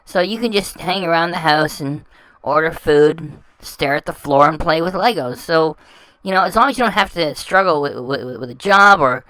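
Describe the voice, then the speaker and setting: A woman's voice: deep voice, moderate pace, a bit bright, no echo, rough recording. A woman hosting a reaction channel, talking over clips in a scornful, insulting way and often stumbling and repeating words. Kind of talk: mocking commentary over clips.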